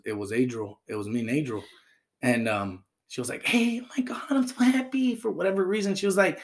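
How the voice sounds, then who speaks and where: A young man in casual, profane chat, praising his friends with slang and frequent laughs. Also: mid-range voice. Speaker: team member talking about teammates.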